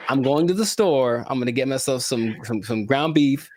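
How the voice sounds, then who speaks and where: A man's voice: mid-range voice, animated, normal speed, a little mellow, no echo, clean studio sound. A man co-hosting a casual podcast chat, jokey and theatrical, with mock-emotional asides. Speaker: podcast co-host.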